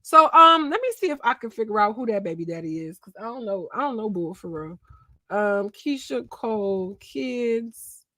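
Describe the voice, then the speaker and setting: A woman's voice: fairly high pitch, animated, normal speed, bright, forceful tone, no echo. Young woman host, casual gossip stream, chatty, dry close sound. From Philadelphia, USA. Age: 20s. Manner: chatty, talks to chat, trails off and searches aloud. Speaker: livestream host.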